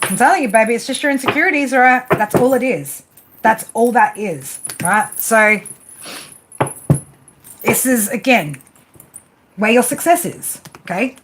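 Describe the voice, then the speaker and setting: A woman's voice: a little high, expressive, takes it slowly, long pauses, background noise. A woman giving a live tarot reading, talking casually and bluntly, repeating herself and tagging "right?" onto her points. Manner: casual, repetitive, tag questions; affectionate, blunt, swears. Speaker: tarot reader.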